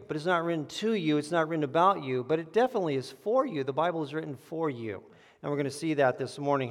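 A man's voice: on the high side, in a large hall. A man preaching a Sunday morning sermon, earnest and plain-spoken, often repeating a word as he starts a phrase. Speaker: pastor.

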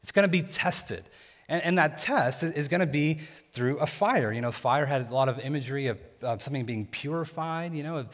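A young man preaching a sermon in a relaxed, conversational way. his voice sits a bit high for a man, and a long reverb trails after it, as if he is in a big church sanctuary. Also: brisk. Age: young adult. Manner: casual, conversational teaching. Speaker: pastor.

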